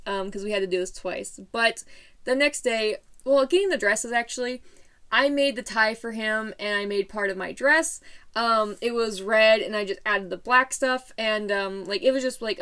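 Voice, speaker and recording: A woman's voice: medium pitch, fairly bright tone, clear, resonant tone. A teenage girl telling a story in a casual vlog, bubbly and rambling with lots of fillers. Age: late teens.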